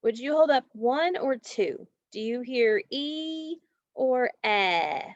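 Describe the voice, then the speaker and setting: A woman's voice: high-pitched, lively intonation, no room sound. A woman teacher, leading a recorded phonics lesson for children and carefully drawing out each word. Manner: slow, careful, drawn-out word modeling. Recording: dull, dry, lo-fi home recording.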